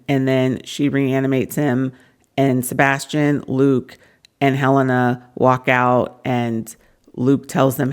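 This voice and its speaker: A woman's voice: extremely low pitch, fairly even intonation, measured pace, clear, resonant tone. Earnest woman reviewing a book. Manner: earnest, retelling scenes at length. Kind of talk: casual book breakdown vlog.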